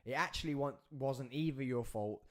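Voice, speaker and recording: A man, hosting a podcast and telling a story in an animated, excitable way, with big swings in pitch and loudness as he acts out the scenes. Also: moderate pace. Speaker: podcast host.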